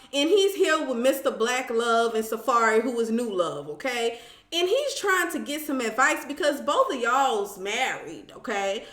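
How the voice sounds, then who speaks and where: Woman host, sassy animated recap chat; high bright voice, roomy sound. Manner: animated storytelling, acts out quotes, sassy asides.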